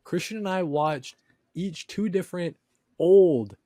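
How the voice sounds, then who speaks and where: A man's voice: high voice, unhurried, mellow, dry recording, studio quality. A man hosting a podcast in casual, upbeat chat, often saying "dude". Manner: upbeat, laid-back, says "dude" a lot. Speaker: podcast host.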